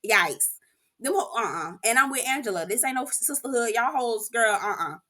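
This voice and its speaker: A woman with a bright, forceful voice, pitched a little high. She talks in a sassy, profane, animated way. She is giving casual recap commentary. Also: normal speed. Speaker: reality TV recap host.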